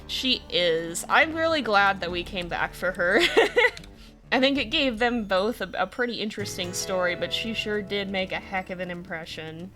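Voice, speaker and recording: A woman streamer chatting casually over a wolf game, laughing often and loudly, with a light lilt. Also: mid-range voice, normal speed, soft background music. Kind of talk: casual gameplay commentary.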